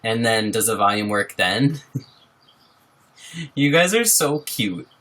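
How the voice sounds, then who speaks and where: Slow and lively in intonation, a young man with a lowish, fairly bright voice chats casually on a livestream from a wobbly table at home. He's bubbly, greets viewers by name into his laptop mic, and laughs often.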